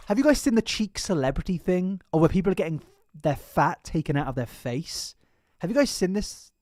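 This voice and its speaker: A woman's voice: sits low, no echo, studio quality. A woman from Britain, live streaming and ranting casually to chat, swearing freely. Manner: animated, swears a lot, reacts to chat.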